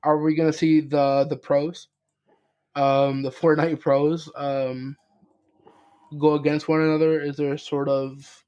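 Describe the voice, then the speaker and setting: Young male podcast co-host, slightly higher voice, loose rambling delivery packed with "um"s and "right?"s. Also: level tone, measured pace, warm tone, clean tone, lo-fi sound. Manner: rambling, many fillers and restarts, swears casually. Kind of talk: casual chat.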